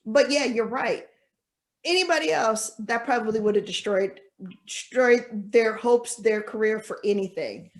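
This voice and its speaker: A woman's voice: a little high, unhurried. A young woman co-hosting a casual podcast, chatty and thoughtful, with many fillers. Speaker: co-host.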